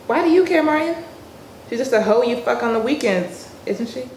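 A woman's voice: a little high, lively intonation, moderate pace, darkish tone, recorded from a distance. A woman voicing a betrayed wife who confronts her husband in a sarcastic, relentless way. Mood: scornful. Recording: echoey room, faint noise.

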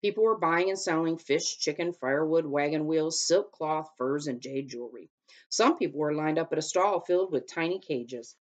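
Teacher lady reading a chapter book aloud, pretty low voice, careful, trips on a word now and then. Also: normal speed. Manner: steady, careful reading with small slips. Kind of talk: storybook read-aloud.

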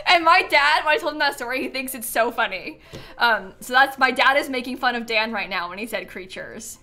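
A young adult woman chatting casually on a live stream, animated and prone to breaking into laughter. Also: high voice, fairly quick, faint music behind.

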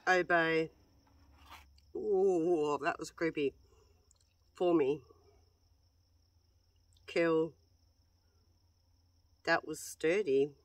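A woman paranormal investigator outdoors in a cemetery, slowly calling out the words she hears in a sensory deprivation session, often exclaiming in surprise. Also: deep voice, steady tone, dry recording. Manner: slow, halting, exclaims in surprise.

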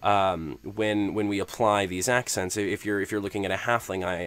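A man's voice: on the low side, steady tone, normal speed, few pauses, smooth. A man, a game master, explaining tabletop tips in a conversational tutorial, thinking aloud with frequent restarts and hesitations.

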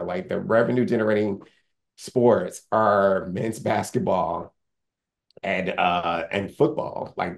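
A man's voice: lowish voice, gravelly, darkish tone. A man speaking as a lawyer guest in a candid interview, earnest and rambling, with many restarts and fillers.

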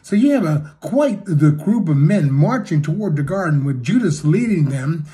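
Mellow-voiced male preacher telling a story. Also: a little high, animated, normal speed. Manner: storytelling with acted quotes, swinging between loud and hushed. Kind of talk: sermon.

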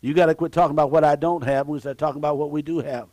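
In a church sanctuary, a male pastor delivers an emphatic sermon, swinging from shouts to low asides while repeating key phrases and exclaiming praise. His tone stays steady though he races along, with no room sound on the recording.

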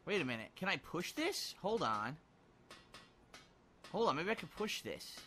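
Guy playing a game and cursing at it, kinda high voice, super bright. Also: sing-song, a little slow, slight background noise. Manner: frustrated muttering with frequent swearing. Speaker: let's play gamer. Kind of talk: live gameplay commentary.

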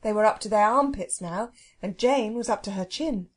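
A woman narrating a children's audiobook with expressive, measured storytelling. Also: mid-range voice. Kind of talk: storybook reading.

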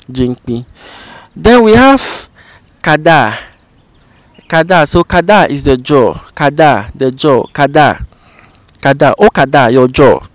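A man with a Ghanaian accent teaching a language lesson, saying each phrase slowly and repeating it several times. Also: a little high, dry recording.

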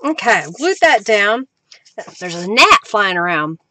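A woman's voice: medium pitch, big pitch swings, unhurried, sharp tone, no room sound. A woman hosting a live crafting stream, chatting casually as she works and greets viewers. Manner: chatty, reads out viewer comments with bursts of cheer. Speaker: crafting livestream host.

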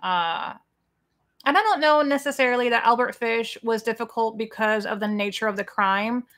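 A woman's voice: fairly high pitch, normal speed, fairly bright tone. A woman co-hosting a casual livestream, talking in a chatty, rambling way with many fillers. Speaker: co-host of a livestream watch party.

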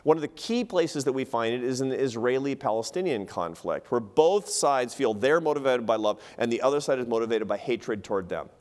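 A man giving a public lecture in a hall, telling stories in an animated, humorous way. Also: medium pitch, fairly quick, few pauses.

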